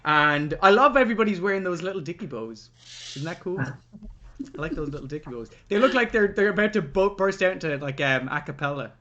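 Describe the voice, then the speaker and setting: A man's voice: fairly high pitch, animated, brisk, pushed and bright, dull audio. A man co-hosting a podcast, reviewing a film in rambling, chatty talk with jokey asides. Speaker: podcast co-host. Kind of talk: casual film-review chat.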